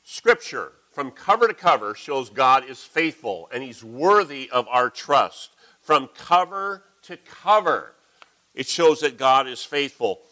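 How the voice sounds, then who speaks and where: A middle-aged man preaching a sermon, with folksy, animated storytelling. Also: mid-range voice, slow pace, low-quality recording.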